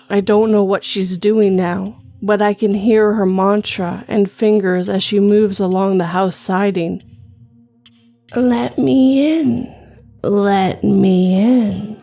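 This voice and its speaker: Female narrator for horror stories, unhurried and measured, dry close sound with faint music under her. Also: medium pitch, warm tone. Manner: measured first-person storytelling. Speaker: horror story reader.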